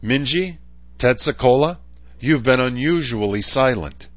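A man's voice: medium pitch, expressive, unhurried, no room sound, lo-fi sound, pitched above the performer's own voice, natural voice. A man voicing a precise councilwoman who explains things in a matter-of-fact way.

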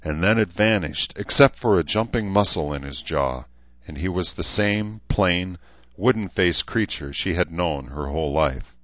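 A man giving steady, measured scripted audiobook narration. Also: low-pitched, no echo. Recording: slightly dull recording.

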